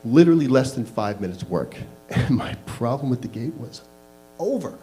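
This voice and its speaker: A man's voice: mid-range voice, very animated, moderate pace, mellow, soft background music, poor audio. A man telling a candid personal story to a live audience, laughing at himself as he goes. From Canada. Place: small live venue.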